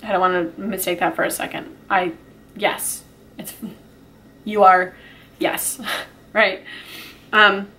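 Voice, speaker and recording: A woman's voice: medium pitch, steady tone, slow pace, pauses often, bright, forceful tone. A woman talking to her small channel in an emotional vlog, upset and swearing, rambling with sighs and restarts. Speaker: YouTuber.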